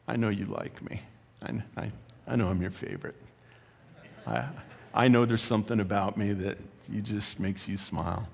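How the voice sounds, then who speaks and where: A man preaching a sermon as pastor, animated and conversational, with asides and light laughter. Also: sits high. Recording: long hall reverb.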